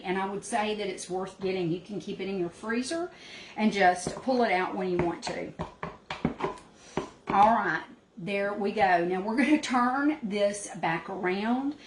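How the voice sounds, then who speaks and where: A woman chats her way through a home cooking demo, talking to her viewers in an unhurried, homey drawl. Her voice bounces around a small, echoey cabin kitchen, and plenty of background noise comes through the camera mic. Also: medium pitch. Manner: homey, chatty, talks to viewers as y'all. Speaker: cooking show host. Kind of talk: casual cooking demonstration.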